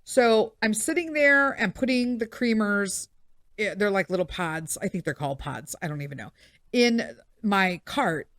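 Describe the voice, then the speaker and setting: A woman's voice: medium pitch, lively intonation, a little slow, a bit bright, no room sound. Blunt, profane woman telling a story. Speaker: podcast host. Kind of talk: casual storytelling monologue.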